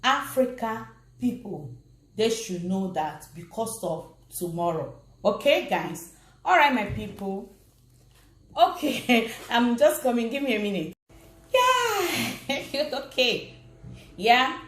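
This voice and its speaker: A woman's voice: on the high side, sing-song, takes it slowly, a bit bright. A woman with a Nigerian accent giving an earnest, repetitive motivational talk straight to her viewers. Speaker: vlogger. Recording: roomy echo.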